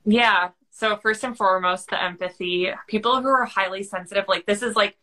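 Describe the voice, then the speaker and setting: A woman's voice: medium pitch, moderate pace, bright, forceful tone. A woman guest on a podcast, explaining a topic in a chatty, earnest way, often using "like" as a filler. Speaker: guest expert on high sensitivity. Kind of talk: casual conversational explanation.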